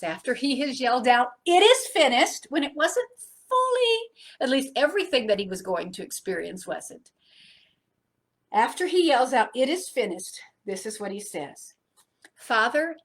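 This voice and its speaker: A middle-aged woman leads a Bible study in an earnest preaching style. Her voice rises for emphasis, then drops soft and low.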